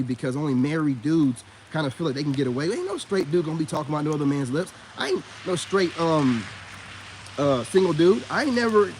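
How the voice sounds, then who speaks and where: A man's voice: on the high side, slight background noise. A man in a casual vlog monologue, giving blunt, preachy advice to men in heavy slang and often asking if you get what he's saying. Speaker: vlogger and self-styled spiritual coach.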